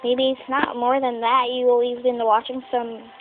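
A woman voicing teenage doll characters in a homemade skit, talking in a halting, rambling way and often clearing her throat. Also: a little high, level tone, narrow, tinny audio, soft background music.

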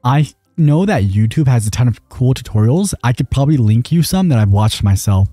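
A young man hosting a game video, chatting in a jokey, smooth-talking way. His voice is warm and mellow, and it swoops up and down freely. Soft music plays faintly behind him. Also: medium pitch, animated, fairly quick, dry recording. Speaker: gaming YouTuber. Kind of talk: playing a voice-chat game on camera.

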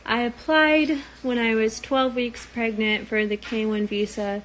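A woman's voice: on the high side, steady tone, measured pace, a bit bright, slight background noise, rough recording. A young woman chatting casually with viewers, loose and rambling with frequent ums, sounding tired. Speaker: reality show cast member talking to viewers.

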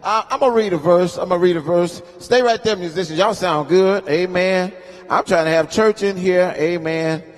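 High-voiced man in his fifties preaching. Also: normal speed. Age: 50s. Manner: call-and-response preaching, coaxing the congregation; swings between soft asides and loud, chanting scripture reading. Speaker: guest preacher. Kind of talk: sermon at a homegoing service. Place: funeral home chapel. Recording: long hall reverb in a chapel.

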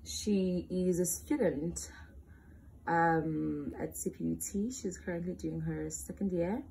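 Young woman, late teens, South African accent, slow and drawn-out, creaky fry, candid chatty vlogger. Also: fairly low pitch, mellow, a little hiss or hum. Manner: candid, chatty, playful, self-teasing. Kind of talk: casual Q&A vlog.

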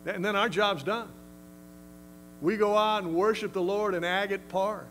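A man's voice: high-pitched, fairly even intonation, unhurried, a bit bright, a little hiss or hum, poor audio. A male pastor preaching a sermon in an emphatic, conversational way. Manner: emphatic, conversational, acts out quotes.

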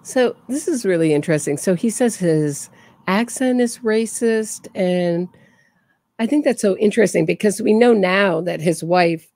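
A woman's voice: medium pitch, normal speed, dark tone, dry recording, studio quality. A woman giving casual true crime commentary, chatty and laughing between remarks.

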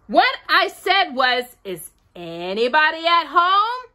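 A woman's voice: sits high, sing-song, unhurried, pushed and bright, pitched above the performer's own voice, full character voice. A woman voicing a cheerful humming male teddy bear in a read-aloud storybook, in a sing-song manner.

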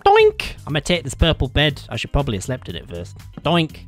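Man, gaming youtuber, swears a lot, very animated pitch, faint music behind. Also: racing. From Britain. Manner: swears a lot, jumps into shrieking yells. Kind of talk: casual gaming chat with mock accent.

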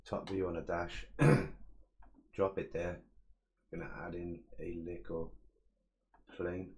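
Man, young, deep low voice, casual streaming tutorial, muttered steps, slang and swearing, faint background noise. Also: flat delivery, a little slow, a little mellow. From England. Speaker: 3D modelling streamer. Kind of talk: casual live-stream tutorial, chatting with viewers.

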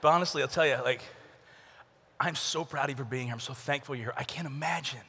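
A man's voice: mid-range voice, fast talker, vocal fry, a little hiss or hum. A middle-aged man giving a youth conference talk in a large arena. He tells comic stories with lots of energy and then turns earnest. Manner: animated comic storytelling, earnest. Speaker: conference speaker. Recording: long reverb of a large hall.

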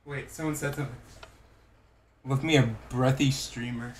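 Out of breath guy streaming, chatting w viewers between reps, regular pitch. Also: fairly even intonation, moderate pace, a little hiss or hum. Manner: chatty, answers viewers, counts off exercise reps. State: winded, out of breath. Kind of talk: casual live-stream chat.

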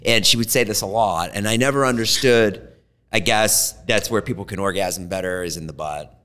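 A male podcast host with a bright, forceful voice, chatting casually. He is blunt and quick with crude jokes. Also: fairly low pitch, clear, resonant tone. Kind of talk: casual chat.

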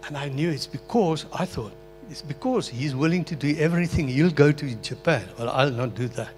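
A man's voice: a little high, lively intonation, normal speed, faint music behind. An older man from Africa, an earnest, emotional pastor sharing his personal testimony in a sermon. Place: meeting hall.

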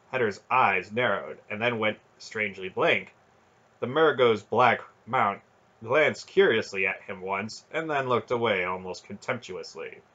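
A man reads a fantasy novel aloud in a steady storytelling manner, sometimes restarting a word. His voice sits a little low and sounds husky and sharp-edged. The recording is dull and lo-fi. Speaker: audiobook reader.

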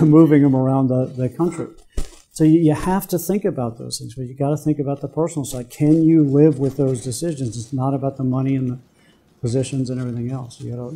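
Older man telling stories in a dark, mellow voice. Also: mid-range voice, breathy edge. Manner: anecdotal, quizzes the audience. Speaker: guest speaker, business executive. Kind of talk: storytelling lecture to students. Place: university lecture room.

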